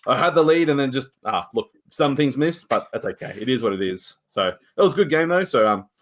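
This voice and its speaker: A man's voice: medium pitch, animated, fairly quick. Rambling man recapping games. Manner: rambling game recap with frequent shrugging asides. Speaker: podcast co-host. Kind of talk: casual podcast chat.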